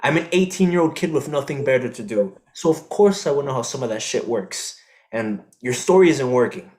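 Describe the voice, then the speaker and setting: A man's voice: mid-range voice, animated, fairly quick, darkish tone, slight background noise, natural voice. A young actor playing an eighteen-year-old son who confronts his cheating father, swearing and slipping into Spanish words on a theatre stage. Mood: accusing. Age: young adult. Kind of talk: live student stage drama.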